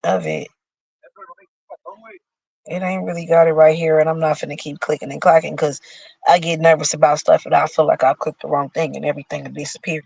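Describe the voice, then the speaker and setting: A woman's voice: low voice, gravelly, no room sound, low-quality recording. A woman hosting a casual horoscope show, reading signs aloud and riffing in a dramatic, profane, chatty way.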